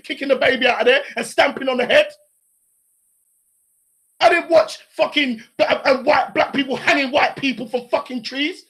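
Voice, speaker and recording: A man, ranting furiously on a live stream, profane and often shouting. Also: extremely high pitch. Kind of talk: angry live-stream rant.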